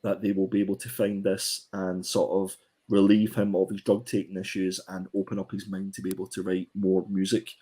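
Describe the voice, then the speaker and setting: A man's voice: low-pitched, monotone, brisk, mellow, slightly rough. A man co-hosting a comic book review podcast, chatting casually and hesitantly with many ums and restarts.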